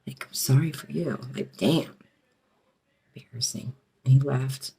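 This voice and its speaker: A middle-aged woman with a low voice tells her story casually. She rambles, swears often and breaks off mid-sentence to start again. Her telling stays emotional throughout. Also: measured pace, creaky, dark tone, slightly rough. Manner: rambling, profane, emotional, many restarts. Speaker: storyteller recounting her past.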